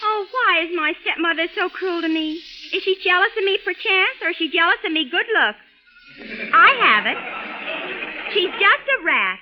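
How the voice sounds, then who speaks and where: A woman playing a sweet, naive young princess in a 1940s-style radio comedy, with a melodramatic, mock-innocent manner. The recording is dull and old, with loud music. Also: extremely high pitch, expressive, normal speed.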